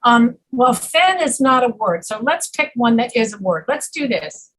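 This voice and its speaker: A woman's voice: fairly high pitch, very animated, fairly bright tone, slight background noise, low-quality recording. A woman teaching an online pronunciation class, patiently modeling words over a video call. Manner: patient, explains slowly, models words carefully.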